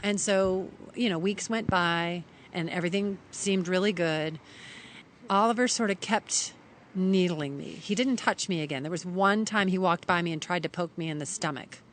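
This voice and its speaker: Animated storytelling woman from Kentucky. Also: lowish voice, moderate pace, a little hiss or hum. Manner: animated, acts out others' lines when quoting them. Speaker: podcast guest. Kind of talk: storytelling in casual conversation.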